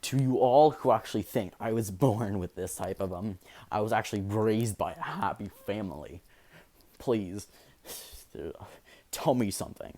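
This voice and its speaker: A man's voice: fairly low pitch, warm tone. A man voicing a scarred, bitter hero boy. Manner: halting, hesitant delivery with fillers.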